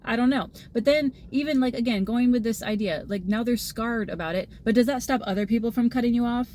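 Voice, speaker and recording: A woman's voice: on the high side, a little fast, darkish tone, a little hiss or hum. A woman talking through a channeled tarot message to her viewers, rambling and casual with lots of fillers and everyday analogies. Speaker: tarot reader.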